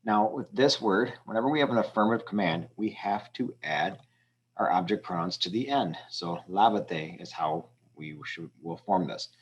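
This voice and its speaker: A man teaching a language lesson over a screen walkthrough, talking his students through exercises step by step in a relaxed way with frequent ums. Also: low-pitched, normal speed, highs cut off. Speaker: Spanish teacher.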